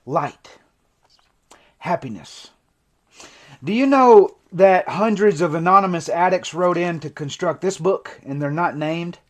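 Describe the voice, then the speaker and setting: A man who coaches people in recovery, giving an impassioned, emotional livestream monologue that swings from intense to hushed. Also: sits high, unhurried. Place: TikTok live stream.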